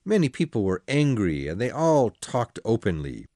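Male audiobook narrator, low voice with a lively, animated delivery, dry close recording. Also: moderate pace, dry recording. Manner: expressive storytelling.

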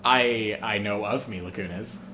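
A man's voice: lowish voice, measured pace, bright, forceful tone. A man chatting while a friend plays a horror game, jumpy and sarcastic, complaining about the scares. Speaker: co-host watching a horror game. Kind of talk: casual let's-play chat. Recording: echoey room with faint hiss.

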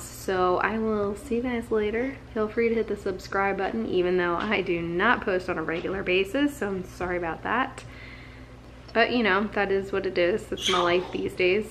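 A woman's voice: medium pitch, fairly even intonation, moderate pace, fairly bright tone, slight background noise, poor audio. A woman vlogger wrapping up a casual video, rambling and a little self-deprecating as she signs off. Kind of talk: casual vlog sign-off.

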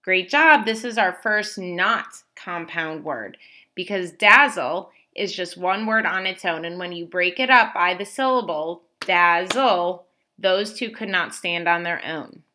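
A woman teacher giving a slow, clearly spoken lesson to young children, praising them often. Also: lowish voice, sharp tone.

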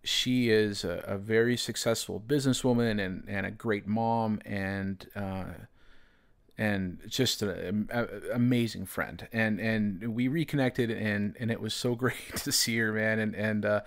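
Rambling storytelling man, lowish voice. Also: steady tone, unhurried. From United States. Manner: rambling, heavy use of "you know" and "man". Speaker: podcast host. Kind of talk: casual storytelling.

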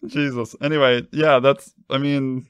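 A man's voice: medium pitch, fairly even intonation, slow pace, clear, resonant tone, dry recording. A young adult man co-hosting a podcast, chatting casually and joking in a rambling, self-deprecating way. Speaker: podcast co-host.

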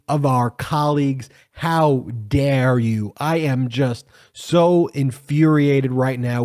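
A man hosts a political commentary show in a furious, emphatic voice. He leans hard on stressed words and slows down to hammer them home. His voice sits at an ordinary middle pitch. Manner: angry, forceful, emphatic, drawn-out stresses.

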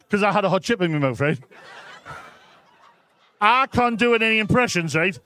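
A man's voice: high-pitched, sing-song, moderate pace, pauses often, fairly bright tone, dry recording. A man with a Geordie accent doing a live stand-up set in a comedy club, telling a crude story with constant "right?" asides to the crowd.

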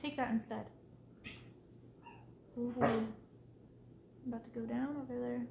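Soft-spoken woman with a high voice, chatty ASMR host running a casual Q&A, recorded in an echoey room. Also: steady tone, a little slow, vocal fry, very noisy. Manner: soft-spoken, reads out viewer names and questions, scolds her cat. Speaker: ASMR creator answering viewer questions. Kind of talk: casual livestream Q&A chat.

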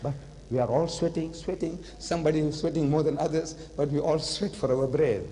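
An older man giving an animated religious lecture, telling stories and slipping in phrases. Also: fairly high pitch, fairly quick. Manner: animated storytelling, switching into Hindi-Urdu phrases. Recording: long hall reverb.

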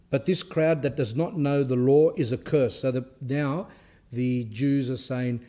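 A man with a mellow, warm voice at an ordinary middle pitch gives a religious talk. He reads passages aloud, then explains them in a loose, conversational way, often restarting his sentences. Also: steady tone, a little slow. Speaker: Orthodox speaker giving a talk. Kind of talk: sermon talk with scripture reading and commentary.

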